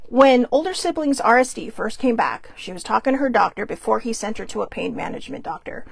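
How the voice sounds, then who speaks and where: A woman's voice: a little high, creaky, no echo. A middle-aged woman, hosting a show and telling a story casually, bluntly and with profanity, acting out the people she quotes. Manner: blunt, profane, animated retelling with quoted voices. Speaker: podcast host.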